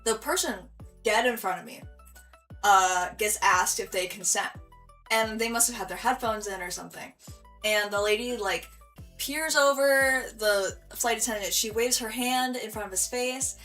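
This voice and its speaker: Giggly high-voiced young woman vlogger. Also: normal speed, bright, forceful tone, faint music behind. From Michigan, USA. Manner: giggly, chatty, lots of fillers. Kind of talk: casual storytelling vlog.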